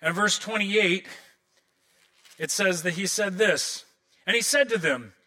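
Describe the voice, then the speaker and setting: A man with a high, bright voice preaches from the pulpit. He tells the story in an animated way and breaks it up with joking asides. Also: measured pace. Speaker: pastor. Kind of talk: sermon.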